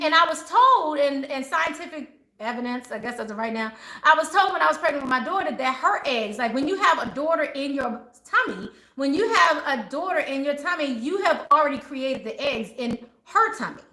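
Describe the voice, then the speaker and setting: A woman's voice: high-pitched, expressive, normal speed, bright, forceful tone, echoey room, rough recording. A woman hosting a live spiritual chat, talking casually and passionately in a preachy way, often laughing. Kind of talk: casual live-stream talk.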